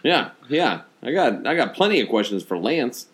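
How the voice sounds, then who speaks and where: A young man co-hosting a casual podcast, talking in halting, stop-start phrases. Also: mid-range voice, very animated, fairly bright tone. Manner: hesitant, halting, laughs often. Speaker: podcast co-host. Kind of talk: casual chat.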